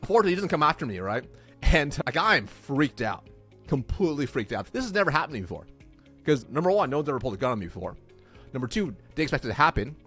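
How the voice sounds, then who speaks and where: Guy in his 30s telling a wild story, voice jumping all over, kinda high, faint music under it. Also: fast, breathy edge. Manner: acts out dialogue, excitable. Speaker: sales coach, podcast guest. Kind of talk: animated storytelling in an interview.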